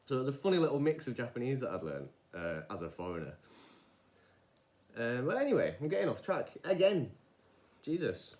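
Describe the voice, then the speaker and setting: A man's voice: mid-range voice, sing-song, brisk, a little mellow. A young man talking casually in a podcast-style monologue, rambling and often wandering off track. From England. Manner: rambling, digressive, many restarts and fillers. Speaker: vlogger.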